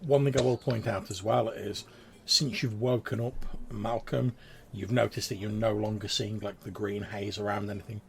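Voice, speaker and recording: A man narrating as game master in a relaxed, filler-heavy way. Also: lowish voice, normal speed, gravelly. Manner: relaxed, hesitant descriptive narration with many fillers.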